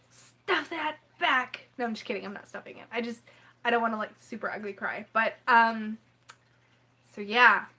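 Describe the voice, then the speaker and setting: A woman's voice: on the high side, level tone, fairly quick, sharp tone. A woman hosting a tarot live-stream unboxing at home, chatty and emotional, often laughing through tears. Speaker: tarot livestream host.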